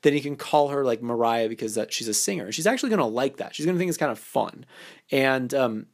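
A man's voice: medium pitch, lively intonation, quick pace. A man hosting a podcast as a dating coach, talking casually with lots of fillers and acting out playful example lines. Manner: casual, loose phrasing with many fillers. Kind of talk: instructional podcast talk.

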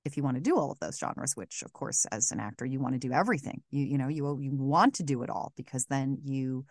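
A voice actress talking animatedly in an interview, emphatic and quick to laugh, with many restarts. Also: female voice, rumbling low, dry recording, clean studio sound. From United States. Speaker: voice actress, guest. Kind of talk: casual interview chat.

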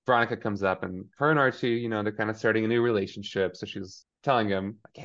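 A man's voice: on the low side, fast, few pauses, fairly bright tone, muffled recording. A man co-hosting a podcast, casually recapping a TV episode in a rambling style and paraphrasing the characters with lots of "like". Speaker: podcast co-host.

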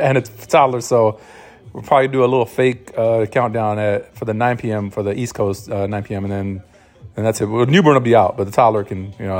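A man's voice: mid-range voice, darkish tone. A man hosting his own podcast in a loose, rambling, profane monologue, full of restarts and sounding sleep-deprived. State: sleep-deprived new father. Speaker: podcast host. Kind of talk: casual solo monologue.

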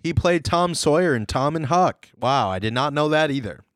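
A man co-hosting a podcast in casual chat, jokey and animated, laughing often. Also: on the high side, moderate pace, no room sound, studio quality. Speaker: podcast co-host.

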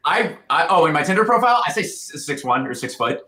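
High, lively-voiced joking man. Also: fast talker, echoey room. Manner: self-mocking, laughing, restarts often. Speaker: podcast co-host. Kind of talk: casual chat.

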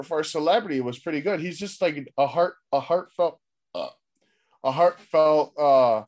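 A man's voice: on the high side, animated, normal speed, a little mellow. Male podcast host, loose rambling recap, swears freely. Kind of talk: casual recap chat.

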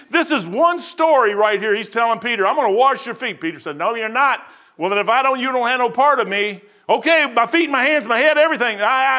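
A middle-aged man preaching a sermon, telling folksy stories that swing between loud bursts and quiet asides. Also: high-pitched. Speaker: pastor.

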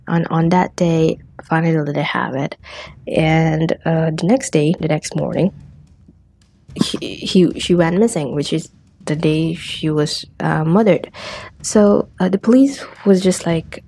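Woman, low gravelly voice, rambling casual true-crime storyteller. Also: steady tone, a little slow, mellow. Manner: rambling, many restarts and fillers, acts out quotes.

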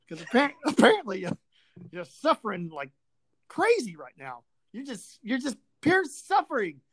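A woman's voice: on the high side, wildly swooping pitch, moderate pace, husky. A woman hosting a sports talk show, ranting sarcastically and with profanity about a rival team. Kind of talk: ranting sports podcast chat.

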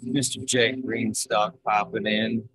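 A man's voice: fairly low pitch, flat delivery, slow, poor audio. A man hosting a casual livestream chat, greeting viewers and guests by name in a laid-back way. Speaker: host.

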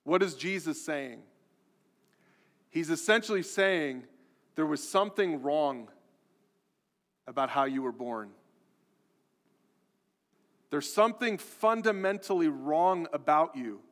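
A man's voice: on the high side, a little slow, long pauses. A man preaching a sermon as a pastor, earnest and repetitive, building emphasis as he goes. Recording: long hall reverb.

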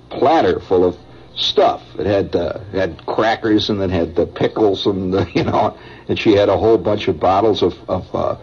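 Man, middle-aged, radio storyteller, conversational asides, animated pitch, dull vintage radio sound. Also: husky. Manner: folksy and conversational, with chuckles and asides to listeners. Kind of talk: rambling spoken storytelling.

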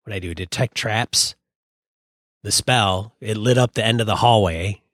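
A man co-hosting a casual chat about tabletop games, jokey with quick banter. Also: fairly low pitch, fairly bright tone, no echo, clean studio sound. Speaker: podcast co-host and event organizer.

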